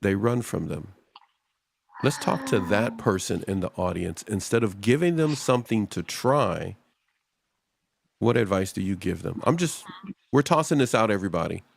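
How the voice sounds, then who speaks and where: A male talk show host with a lowish voice that has a gravelly edge. He rambles in a relaxed way and keeps turning to speak directly to his audience. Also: moderate pace, slight background noise. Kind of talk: casual talk show discussion.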